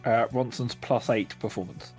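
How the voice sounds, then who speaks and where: A man's voice: mid-range voice, moderate pace, darkish tone. Guy running the game, dry noncommittal answers, faint music behind. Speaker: game master.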